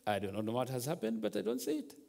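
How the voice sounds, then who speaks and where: A man doing a calm doctor. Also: a little high, quick pace, gravelly, heavily acted. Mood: reassuring. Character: calm reassuring male clinic doctor. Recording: long church hall reverb.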